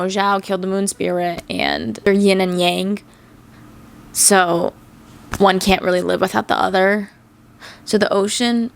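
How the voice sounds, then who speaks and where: A woman's voice: mid-range voice, creaky, no room sound. A young woman hosting her channel, ranting animatedly about a cartoon show with exasperated jokes. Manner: animated, exasperated, joking rants. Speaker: channel host. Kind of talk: casual fan commentary.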